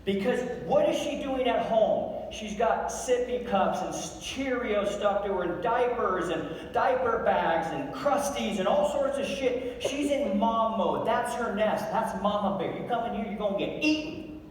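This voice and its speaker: A middle-aged man giving a loud, brash motivational talk to a crowd, swearing and joking. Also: high voice, measured pace, distant mic, slight background noise. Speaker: motivational speaker. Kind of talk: energetic stage talk. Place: large event hall. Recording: echoey hall, mic heard from afar.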